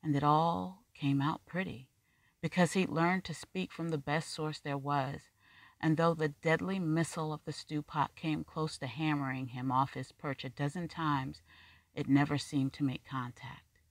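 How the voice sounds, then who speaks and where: A reader narrating a short story in a measured, wry storytelling manner. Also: mid-range voice, steady tone, dry recording. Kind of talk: scripted fiction narration.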